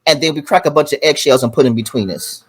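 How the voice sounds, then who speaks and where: A man's voice: on the high side, fast, husky. A man co-hosting a relationship podcast in casual chat, acting out little quotes and often checking in with "you see what I'm saying". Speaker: podcast co-host.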